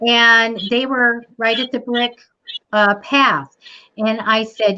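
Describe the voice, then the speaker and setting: A woman's voice: a little high, takes it slowly. A middle-aged woman hosting a psychic talk show, telling a story in casual chat and acting out the voices of the people in it. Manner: animated storyteller, acts out quoted voices, laughs often. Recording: muffled lo-fi online stream audio.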